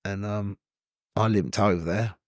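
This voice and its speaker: A low-pitched man talks openly as a podcast guest. His speech is earnest and loose, full of asides and "you know what I mean". The sound is dry and close, with no room around it. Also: steady tone, a little slow, no echo. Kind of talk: casual candid storytelling.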